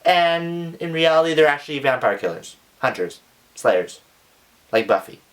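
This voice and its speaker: Rambling jokey teen guy reviewing a movie. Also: normal speed. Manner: rambling, jokey, hedging with "kind of" and "I guess"; acts out characters in excited high squeals. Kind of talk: casual movie review vlog.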